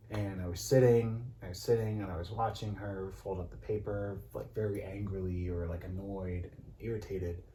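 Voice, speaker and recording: A man's voice: low voice, steady tone, normal speed, hardly any pauses, mellow, echoey room, a little hiss or hum, poor audio. A man casually recapping an acting class at home, rambling with many fillers and restarts. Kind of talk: casual storytelling chat. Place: home room.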